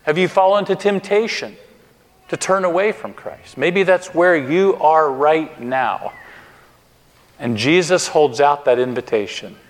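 A man preaching a sermon, earnest and expressive, slowing down and speeding up for emphasis. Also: fairly high pitch. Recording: long reverb of a hall.

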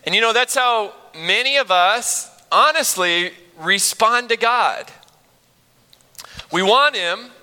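A man's voice: high-pitched, takes it slowly, sharp tone, smooth. A male pastor preaching a sermon in a church, earnest and conversational, often restarting his phrases. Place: church sanctuary. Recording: long reverb of a large hall.

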